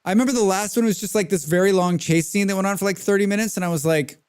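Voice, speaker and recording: A man with a slightly higher-than-usual voice streams a game live. He talks in a loose, chatty way, drifting into rants and thanking viewers between moves. The delivery is casual and unscripted. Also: quick pace, darkish tone, smooth. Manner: chatty, ranting, reads out chat names. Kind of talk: casual live-stream commentary while playing.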